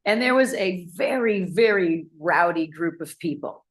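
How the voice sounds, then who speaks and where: A woman telling a personal anecdote to an audience, animated and acting out the people in it. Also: lowish voice, measured pace. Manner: animated, acts out voices in anecdotes. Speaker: speaker. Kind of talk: storytelling talk to an audience.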